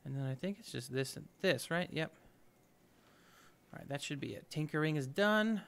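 A man hosting a let's play, talking through his moves in an upbeat, chatty way and thinking aloud. His voice sits a little high and is smooth and clear. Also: animated, moderate pace, fairly bright tone. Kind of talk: casual gameplay commentary.

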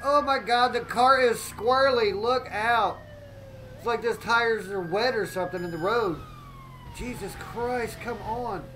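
Excitable high-voiced man streaming a game. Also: a little slow, a little hiss or hum, low-quality recording. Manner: excitable, keeps exclaiming and greeting chat. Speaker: gaming live streamer. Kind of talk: live gameplay commentary.

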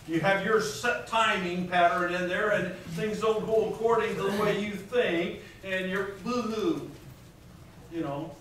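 This pastor's sermon, with its scripture readings and questions to the congregation, is delivered in a high, somewhat bright voice. A distant microphone picks him up in a large conference hall, leaving echo and a faint hiss.

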